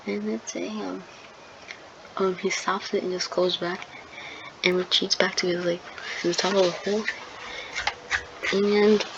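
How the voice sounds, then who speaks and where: Woman storyteller, slow, rambling, filler-heavy improvised retelling; dull lo-fi take with loud noise behind. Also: mid-range voice. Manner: rambling, full of ums and likes, restarts. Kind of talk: improvised fan-fiction retelling.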